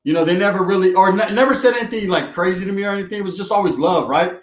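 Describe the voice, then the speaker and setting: A man's voice: high voice, very fast, roomy sound. A man telling prison stories in casual, profane, streetwise chat, laughing as he goes. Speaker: podcast co-host.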